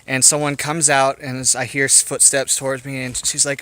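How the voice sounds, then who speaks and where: A man narrating his bicycle tour in a casual, excitable vlog, talking to the camera outdoors on a mountain route. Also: mid-range voice, fairly quick, no room sound. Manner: excitable, chatty storyteller. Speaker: bicycle touring vlogger.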